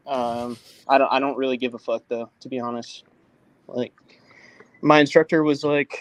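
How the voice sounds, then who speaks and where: A man of average pitch who talks loosely and crudely and keeps poking fun at himself. His voice sits close to the mic with a dry, dead sound. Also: fairly even intonation, normal speed, dry recording, poor audio. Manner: crude, self-mocking, loose storyteller. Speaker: Air Force veteran guest. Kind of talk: casual podcast banter.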